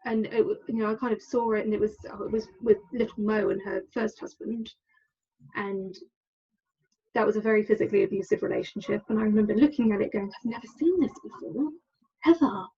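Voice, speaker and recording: A woman's voice: medium pitch, little pitch movement, fast talker, mellow, husky, dull audio. A woman, a podcast guest telling her personal story candidly and with hesitations. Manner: candid, hesitant, acts out quoted lines.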